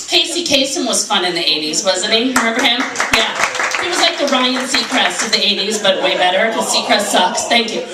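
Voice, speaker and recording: A brash woman in her forties does a stand-up set, her voice riding high with crude jokes and mock outrage. The sound is roomy and comes from a camera far back in the club, with clear background noise. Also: animated, fairly quick. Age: 40s. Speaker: stand-up comedian. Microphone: handheld camera from the audience. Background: audience laughter.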